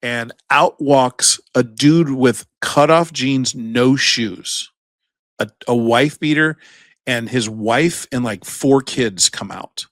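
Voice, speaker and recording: A man co-hosting a podcast, telling a long, profane workplace anecdote in a casual, animated way. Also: mid-range voice, takes it slowly, no room sound. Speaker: podcast co-host. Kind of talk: casual storytelling chat.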